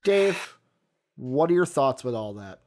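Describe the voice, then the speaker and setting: A man's voice: medium pitch, measured pace. A man hosting a sports talk show, rambling and getting heated as he talks. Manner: heated, rambling, animated when worked up.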